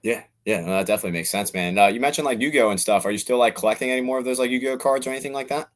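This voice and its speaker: A man hosting an interview, asking casual questions and often ending lines with "man". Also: mid-range voice. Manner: fast, repeats "man" at line ends.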